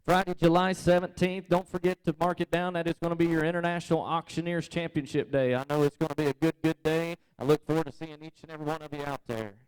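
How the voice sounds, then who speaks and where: Smooth-voiced male event announcer. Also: a little high, little pitch movement, fast, few pauses, soft background music, poor audio.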